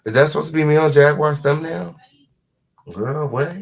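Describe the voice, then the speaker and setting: A man hosting a casual live commentary stream at home, sassy and full of repeated drawn-out catchphrases. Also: fairly high pitch, gravelly. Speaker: livestream host.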